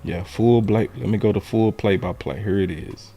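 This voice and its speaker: A man hosting a casual sports show, breaking down game film and shouting key words. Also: lowish voice, normal speed, faint music behind. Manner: animated, shouts key words, talks to his audience.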